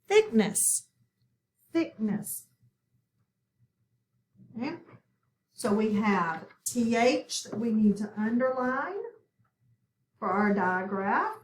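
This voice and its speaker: A woman's voice: fairly high pitch, big pitch swings, a little hiss or hum. A woman teaching a phonics lesson, patiently sounding out words and asking her students questions. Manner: encouraging, asks the class questions, repeats words slowly. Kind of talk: slow, patient classroom instruction.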